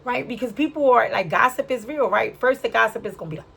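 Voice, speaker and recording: A Puerto Rican tarot reader raised in Brooklyn gives a casual spiritual card reading, chatty and full of streetwise slang, often checking in with "right?" She talks fast in a fairly high, gravelly, fairly bright voice, with a little hiss or hum in the audio.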